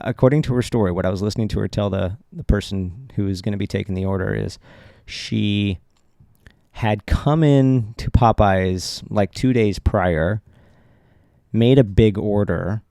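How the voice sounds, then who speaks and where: A man's voice: mid-range voice, warm tone, dry recording, clean studio sound. A man hosting his own podcast, telling a personal story in a casual, conversational way, chuckling often and restarting his sentences. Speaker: podcast host.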